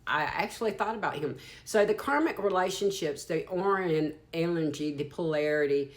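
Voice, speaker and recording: A fifty-something psychic tarot reader from the Deep South, with a Southern US accent, delivers a meandering channeled reading that's frank and at times profane. Her voice is fairly low, with lively intonation and a normal speed.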